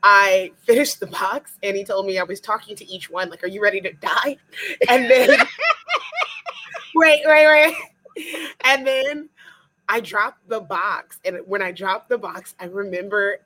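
Bright, animated young woman storyteller. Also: medium pitch, slow. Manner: animated storytelling, laughs often. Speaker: guest comedian and cosplayer. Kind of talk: casual podcast chat.

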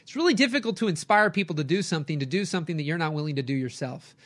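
A middle-aged man, a coach and podcast host, giving an energetic motivational talk with lively storytelling. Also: on the high side, racing. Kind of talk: motivational talk, live stream.

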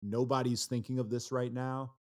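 A man who is a rapper talks as a guest on a casual podcast. He speaks in a relaxed way and often hesitates and starts his sentences over. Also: medium pitch, moderate pace. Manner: relaxed, hesitant, many fillers and restarts.

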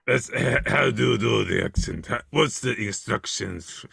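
Gravelly, bright-toned joking host. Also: male voice, on the low side, measured pace, no echo, clean studio sound. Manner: playful, jokey questions. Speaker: podcast host. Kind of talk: casual interview chat.

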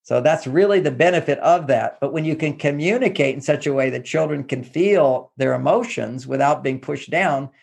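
A man's voice: on the high side, normal speed, creaky, few pauses, darkish tone, breathy edge. A man from Texas, a therapist and relationship author, talking casually and animatedly, often acting out quoted phrases. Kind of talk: casual advice talk.

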